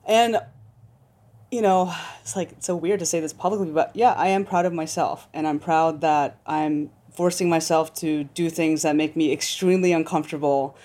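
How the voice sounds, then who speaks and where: A woman guest on a podcast, speaking hesitantly with many pauses. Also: low voice, steady tone, mellow. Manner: hesitant, halting. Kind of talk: casual chat.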